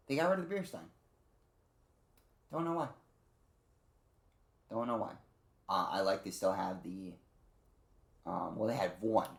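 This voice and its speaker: A man's voice: deep voice, gravelly, reverberant. A man giving a casual, rambling game review, swearing freely and acting out character lines. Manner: rambling, profane, acts out character lines in quotes.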